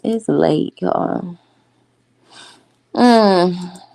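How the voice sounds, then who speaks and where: A woman with a low, mellow voice and some vocal fry talks very slowly as she hosts a livestream. Her casual commentary is blunt and confrontational, full of repeated calling-out questions. There's no echo; the sound is dry and close.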